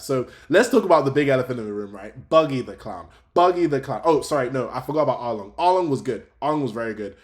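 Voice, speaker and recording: A young adult man with a medium-pitched voice hosts a fan review talk show, chatting casually and excitably and laughing often.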